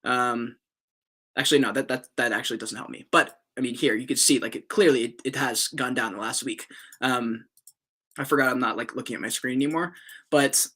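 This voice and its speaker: A man ranting casually in a vlog from a studio, rambling and excitable, with casual swearing and many restarts. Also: fairly high pitch. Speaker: crypto and NFT YouTuber.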